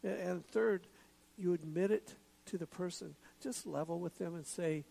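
A man giving a sermon in a relaxed, conversational way, with jokes and asides. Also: sits high, normal speed, gravelly, poor audio. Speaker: pastor.

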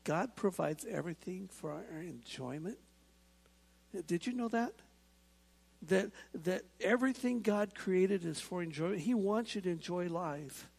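A gravelly, husky male pastor preaching a sermon. His voice sits a little higher than most men's, and he presses his points with repetition and quick asides to the congregation. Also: darkish tone.

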